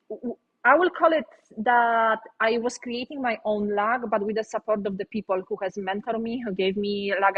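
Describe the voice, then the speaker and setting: A woman from Poland with a Polish accent, an interview guest telling her career story in a lively, chatty way with frequent fillers. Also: mid-range voice, lo-fi sound.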